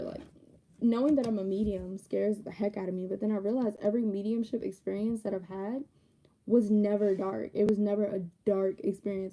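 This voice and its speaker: A woman's voice: mid-range voice, dark tone. A chatty woman giving a live-stream tarot reading, laughing often and talking straight to her viewers. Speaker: psychic tarot reader.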